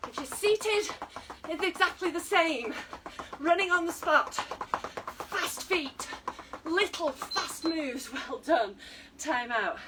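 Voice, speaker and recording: British woman fitness instructor, high voice, breathless, coaching live; mic set back, faint hiss. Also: expressive, slow pace, distant mic. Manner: encouraging, counting down and coaching while exercising. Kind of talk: online exercise class.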